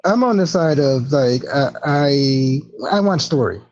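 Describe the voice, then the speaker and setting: Casual co-host, lively voice, lo-fi. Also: mid-range voice, measured pace. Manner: brief, casual agreeing replies. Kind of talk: casual chat.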